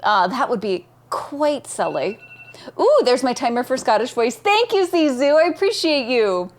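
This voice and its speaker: A woman streamer chatting casually with her viewers, bubbly and warm with them, greeting each by name and laughing often. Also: on the high side, very animated, moderate pace.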